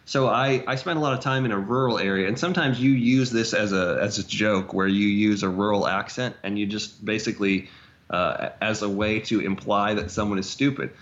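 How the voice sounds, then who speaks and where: A man co-hosting a podcast, talking casually with halting restarts and fillers. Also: fairly low pitch, fairly bright tone. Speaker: podcast co-host. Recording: dull lo-fi sound.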